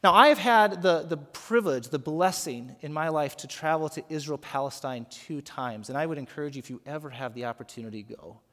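A man's voice: mid-range voice, a bit bright, big-room sound. A man preaching a sermon as pastor, earnest and emphatic, leading prayer and guiding the congregation. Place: worship center.

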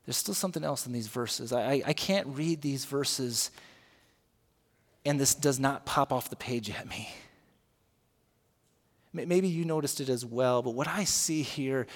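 A male pastor preaching a sermon, moving from hushed, slow prayer to loud emphatic teaching, and leading his congregation in repeating words. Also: medium pitch. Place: church sanctuary. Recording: long reverb of a large hall.

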